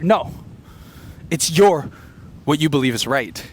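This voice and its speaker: A man doing an unfiltered stream-of-consciousness comedy monologue, rambling and fast-talking with quick tangents. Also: fairly high pitch, expressive, a little hiss or hum. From Filipino heritage. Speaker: comedian podcaster. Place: beach location outdoors.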